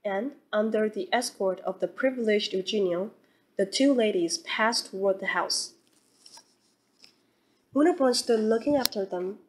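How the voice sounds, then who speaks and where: A woman narrating a classic novel as an audiobook reader, in a calm, even storytelling manner. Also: mid-range voice, measured pace, slight background noise, poor audio. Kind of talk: scripted narration.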